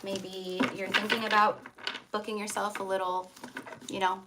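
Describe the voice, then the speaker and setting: A woman's voice: medium pitch, little pitch movement, moderate pace, heavy background noise. A woman reading tarot on a live stream, chatty and affectionate, calling her viewers love and hon. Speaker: tarot reader.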